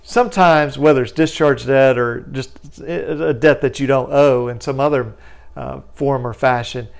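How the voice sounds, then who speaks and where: A man's voice: mid-range voice, unhurried, vocal fry. A man, a lawyer explaining bankruptcy debt in casual talk and acting out his phone calls in a raised voice. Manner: lively storytelling, acts out phone calls in a raised voice.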